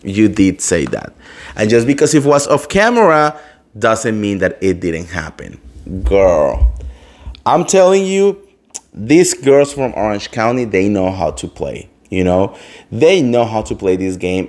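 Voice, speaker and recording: Guy dishing gossip, animated, keeps acting out quotes, calls everyone girl. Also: lowish voice, unhurried. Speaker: host. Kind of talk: casual gossip chat.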